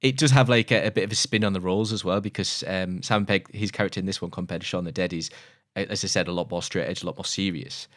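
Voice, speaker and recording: Fast-talking, low-voiced British man. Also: fairly even intonation, a bit bright, dry recording, studio quality. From Britain. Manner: rambling and enthusiastic, often correcting himself. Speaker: film review co-host. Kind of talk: casual film review chat.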